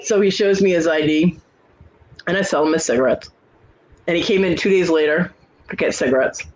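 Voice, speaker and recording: A woman in her forties hosts a relaxed chat show. She spins long personal stories in a loose, rambling way. She brings the back-and-forth of old conversations to life as she tells them. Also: lowish voice, a little fast, poor audio. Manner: chatty storyteller who acts out quoted exchanges. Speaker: host. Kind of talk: casual chat.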